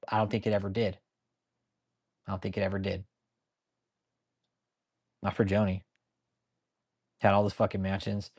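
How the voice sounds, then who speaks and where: A lowish-voiced man hosts a loose commentary stream, rambling and swearing freely as he goes. He talks bluntly and answers his viewers by name as they chime in. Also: completely flat delivery, normal speed, long pauses, a little mellow, slightly rough. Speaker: channel host. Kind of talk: casual livestream commentary.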